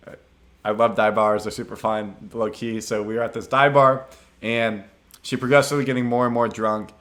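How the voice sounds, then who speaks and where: A man's voice: mid-range voice, level tone, brisk, a bit bright. A young man hosting a podcast, casually telling a dating story in a laid-back, slangy way with lots of filler words. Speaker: podcast host.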